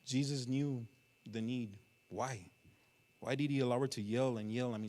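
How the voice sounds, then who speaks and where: A man preaching a sermon in a church. He tells the story with sudden swings between loud and hushed passages and puts questions to the congregation. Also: medium pitch, normal speed, pauses often. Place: church sanctuary.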